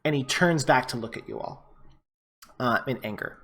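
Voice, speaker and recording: A man's voice: mid-range voice, moderate pace, a bit bright. A man narrating as game master of a tabletop game, casual and full of fillers.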